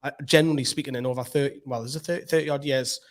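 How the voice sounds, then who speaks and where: A man with a Geordie accent hosts a football fan channel, chatting to camera from a room at home in an excitable, rambling way, his voice slightly hoarse from shouting. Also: medium pitch, rapid-fire. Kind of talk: casual football chat to camera.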